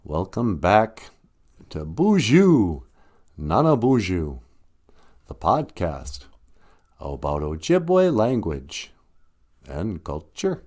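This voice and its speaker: A man's voice: sits low, huge pitch swings, very slow, long pauses, a little mellow. A man hosting a podcast in a casual, joking monologue, laughing often and putting on sarcastic voices. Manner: jokey, laughs often, breaks into sung bits; sarcastic, mock voices for quoted people. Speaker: podcast host.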